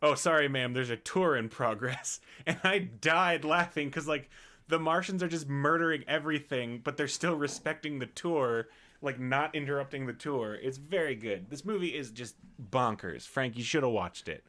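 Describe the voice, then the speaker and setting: Man, podcast co-host, casual chat, animated, laughs a lot, mid-pitched voice. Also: moderate pace. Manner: animated, laughs often while retelling scenes.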